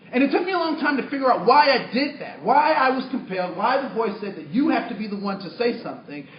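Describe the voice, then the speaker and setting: A man leads a training workshop, telling a story in an animated way and acting out his own lines with many restarts. His voice sits high. The sound is distant and roomy, a little muffled. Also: a little hiss or hum. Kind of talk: storytelling talk to a workshop audience. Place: training room with audience.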